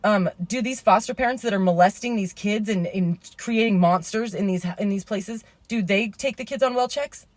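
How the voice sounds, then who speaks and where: A woman's voice: mid-range voice, normal speed, few pauses, no echo. A woman in her thirties telling a rambling, indignant story as a vlogger, swearing and then apologizing for it.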